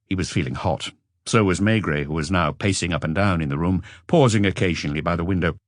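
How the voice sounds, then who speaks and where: Man reading a mystery audiobook, calm and measured, very deep voice, dry close mic. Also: dry recording. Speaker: audiobook narrator. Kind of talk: scripted narration.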